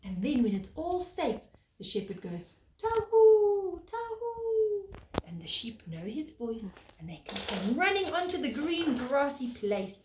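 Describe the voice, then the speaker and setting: A woman, a preschool teacher, telling a picture-book story to young children in a gentle, sing-song way, pausing to point at the pictures. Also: a little high, very animated. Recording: echoey room, faint background noise.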